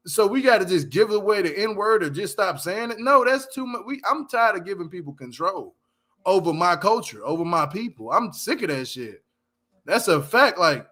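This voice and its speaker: A man's voice: high voice, big pitch swings, normal speed, sharp tone. A man hosting a casual commentary show, ranting bluntly and with a lot of swearing while speaking straight to his viewers. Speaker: commentary channel host.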